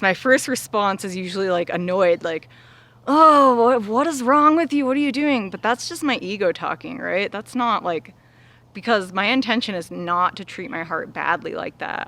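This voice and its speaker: A woman hosting a vlog, giving a casual, chatty self-help talk, often saying "like" and laughing softly. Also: lowish voice, gravelly. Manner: chatty, heavy use of "like", soft laughs. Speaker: vlog host.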